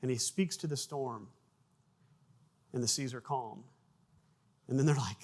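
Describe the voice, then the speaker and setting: Male pastor, mid-range voice, relaxed conversational preaching. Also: mid-range voice, a little slow, pauses often. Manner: conversational preaching with restarts, bursts of loud acted sound effects. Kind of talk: sermon.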